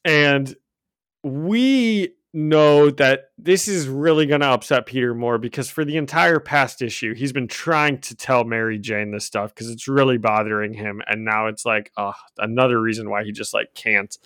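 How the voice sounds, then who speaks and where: Chatty man with a smooth, dry voice. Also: medium pitch, moderate pace, a bit bright, dry recording. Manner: chatty, laughs often, acts out quotes. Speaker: podcast co-host recapping comics. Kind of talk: casual chat. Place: home room with a cat. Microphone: own desk microphone.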